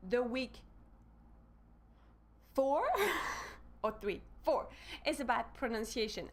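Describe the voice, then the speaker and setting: A woman's voice: fairly high pitch, a bit bright. A woman with a French accent, teaching a live online language lesson and spelling words out letter by letter.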